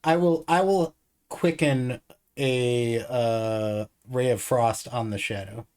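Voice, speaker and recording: A man's voice: medium pitch, slow, darkish tone, clean tone. A man playing in a tabletop game, thinking aloud with many hesitations and restarts, upbeat. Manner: hesitant, filler-heavy, upbeat. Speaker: player.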